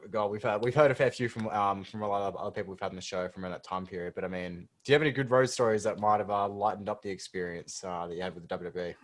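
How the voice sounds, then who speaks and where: A man's voice: on the low side, steady tone, fast talker, few pauses. A man, co-hosting a podcast and asking long, rambling questions. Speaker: podcast co-host. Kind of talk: casual interview questions.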